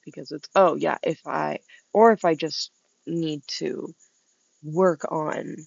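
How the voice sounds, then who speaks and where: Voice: medium pitch, fairly even intonation, slow pace, vocal fry, no echo, dull audio. A vlogger talking to themselves outdoors in a meandering, chatty monologue, laughing between thoughts. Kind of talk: rambling casual monologue to camera. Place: outdoors, about to go inside.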